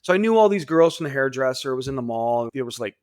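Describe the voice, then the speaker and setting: Animated storytelling man, dry close sound. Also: quick pace, clean tone, no echo. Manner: animated, acts out quotes in high voices. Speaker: podcast guest. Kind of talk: casual storytelling.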